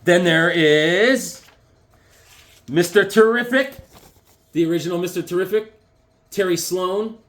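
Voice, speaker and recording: A man talking casually and excitedly, rambling through his collection with lots of fillers and restarts. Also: high-pitched, measured pace, long pauses. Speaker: comic book collector reviewing issues. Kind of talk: casual show-and-tell vlog.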